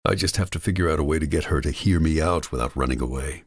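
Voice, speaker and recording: Deep-voiced male audiobook narrator. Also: fast, dry recording, clean studio sound. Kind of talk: first-person audiobook narration.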